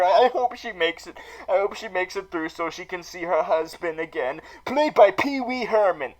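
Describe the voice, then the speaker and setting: A man's voice: fairly high pitch, expressive, moderate pace, few pauses, poor audio. A man hosting a comic recap vlog, rambling and profane with many fillers and restarts. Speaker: comedy vlogger in villain persona.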